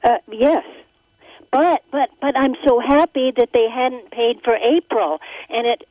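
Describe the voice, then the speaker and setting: A woman's voice: fairly high pitch, a little slow, no room sound. A woman calling in to a radio show, telling her story in a chatty, earnest way. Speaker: caller. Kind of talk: phone-in conversation. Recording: tinny dry phone line.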